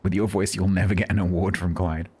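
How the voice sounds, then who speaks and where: Male streamer, very low voice, calm monotone, dry humor. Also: fast talker, breathy edge. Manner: steady, even-toned, dry self-deprecating. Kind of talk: casual live-stream chat.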